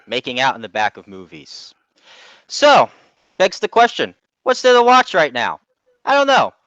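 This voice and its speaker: A man's voice: sits high, a bit bright, no echo, highs cut off. A man doing improv as a rambling, offhand news anchor. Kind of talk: improv comedy.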